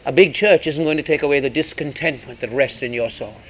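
A man preaching a sermon, swinging between loud emphasis and hushed asides. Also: medium pitch, a little fast, low-quality recording.

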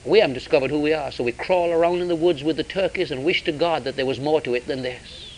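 Man, preacher, high-pitched voice, emphatic sermon delivery, loud then quiet. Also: fast, low-quality recording. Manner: emphatic, swings between loud and hushed.

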